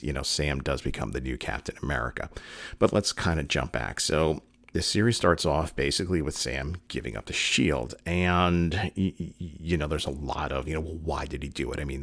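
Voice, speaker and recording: Very deep-voiced man, earnest and rambling. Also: gravelly, fairly bright tone, dry recording. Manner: earnest, rambling, with many fillers and restarts; emotional, getting choked up. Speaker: commentator. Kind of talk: casual video commentary.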